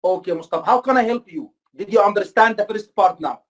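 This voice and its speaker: Tutor, native Arabic speaker, mid-range voice, repeats points, keeps checking understanding. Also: medium pitch. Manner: repetitive, deliberate, checks understanding often. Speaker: exam-prep tutor. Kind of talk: online course lecture with role-play.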